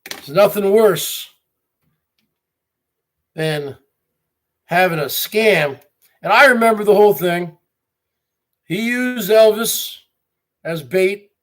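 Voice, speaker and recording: A man's voice: high-pitched, slow pace, long pauses, a bit bright. A man hosting a livestream, ranting in an indignant, repetitive and emphatic way. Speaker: livestream host.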